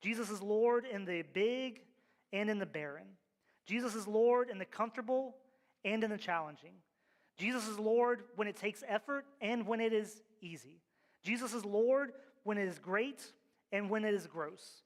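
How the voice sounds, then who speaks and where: A man's voice: high voice, normal speed. A male pastor preaching a sermon, with emphatic, rhythmic repeated refrains, in a church sanctuary. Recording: long reverb of a large hall.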